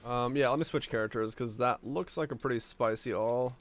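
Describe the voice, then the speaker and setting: A man streaming a video game, reading viewer messages and chatting casually in a relaxed, rambling way. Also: mid-range voice, fairly quick. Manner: relaxed, rambling, reads chat aloud. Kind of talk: casual chat while playing.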